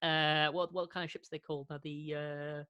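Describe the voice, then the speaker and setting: A man's voice: a little high, level tone, moderate pace, sharp tone, clean tone, dry recording, lo-fi sound. A man co-hosting a podcast in casual chat, rambling with frequent restarts and laughter. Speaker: podcast co-host.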